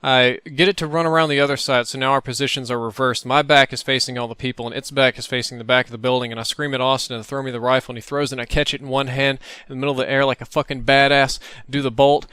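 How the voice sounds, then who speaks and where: Bright, crisp storytelling man. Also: medium pitch, quick pace, few pauses, dry recording. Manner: animated, profane, vivid retelling. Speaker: gaming channel host. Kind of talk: storytelling over gameplay.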